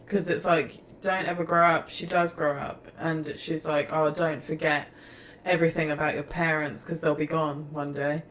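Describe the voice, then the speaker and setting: A woman's voice: low voice, level tone, moderate pace, hardly any pauses, fairly bright tone, slight background noise. A woman co-hosting a podcast, talking in an enthusiastic, agreeable casual chat and laughing easily. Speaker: podcast co-host.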